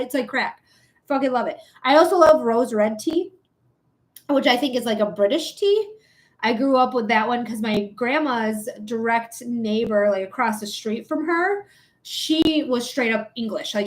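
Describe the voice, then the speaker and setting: Giggly high-voiced woman chatting on a livestream. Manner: chatty, giggly, goofy and rambling. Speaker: livestream host and reader. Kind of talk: casual livestream chat.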